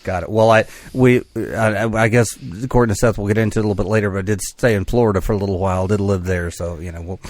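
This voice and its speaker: A man co-hosting a casual podcast, talking in a measured, wry way with hedging asides. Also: lowish voice, fairly even intonation, a little mellow, no room sound. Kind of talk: casual conversation.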